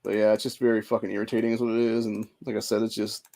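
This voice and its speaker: Man, 40s, gravelly, rapid, profane rambling vent, emotionally frayed. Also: on the low side, flat delivery, darkish tone. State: emotional and stressed. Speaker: vlogger. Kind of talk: casual venting monologue.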